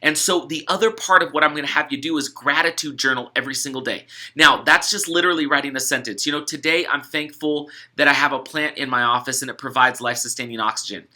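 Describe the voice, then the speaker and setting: Upbeat bright-voiced man explaining a study. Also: mid-range voice, fast talker. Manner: upbeat, chatty, with fillers and restarts. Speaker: author running a gratitude study. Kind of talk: casual instructional video talk.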